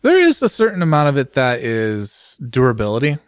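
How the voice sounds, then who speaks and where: A man co-hosting a podcast in relaxed, joking casual chat. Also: medium pitch, a little fast, clear, resonant tone, no room sound, studio quality. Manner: relaxed, musing, jokey. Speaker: podcast co-host.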